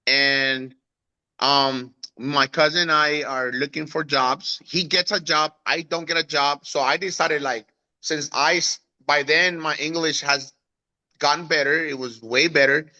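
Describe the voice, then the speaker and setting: A man in his thirties from Guatemala tells his life story as an interview guest. His voice is bright and sits a little high for a man. He acts out the people he quotes in a lively way. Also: unhurried, muffled recording. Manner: animated, acts out quoted voices with raised pitch.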